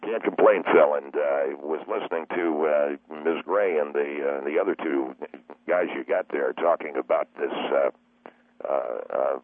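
A man's voice: rumbling low, pitched below the performer's own voice. A man voicing a forgetful older caller who rambles and stalls with lots of uhs, heard over a phone line. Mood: rambling. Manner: halting, full of uhs.

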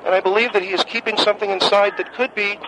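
A man voicing a compulsive male caller who keeps mechanically repeating his own name, earnest and halting. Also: high voice, fairly even intonation, creaky, noisy background, pitched above the performer's own voice. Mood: earnest, fixated.

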